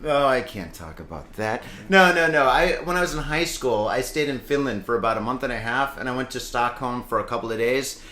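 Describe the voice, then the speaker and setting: A man's voice: mid-range voice, expressive, a little fast, hardly any pauses, sharp tone. A man from Michigan hosting a podcast, chatting casually and joking at his own expense, often laughing. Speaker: podcast host. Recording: roomy echo.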